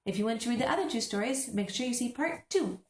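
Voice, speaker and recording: A woman reading a children's book aloud to English learners, pausing like a teacher to point out the pictures. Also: on the high side, animated, roomy sound.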